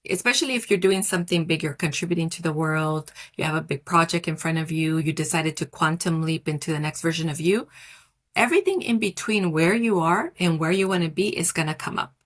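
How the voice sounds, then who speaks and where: Woman wellness coach, lowish voice; soft, affirming, unhurried delivery for podcast guidance. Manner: soft, slow, affirming cadence with repetition. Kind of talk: guided reflection and coaching talk.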